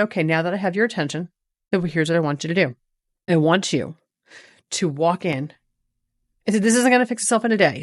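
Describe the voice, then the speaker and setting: Casting note: woman, lower register, dry close sound, lively storyteller who plays out both sides of a chat. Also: no room sound. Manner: animated, acts out both sides of a conversation. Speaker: vlogger. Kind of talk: casual storytelling monologue.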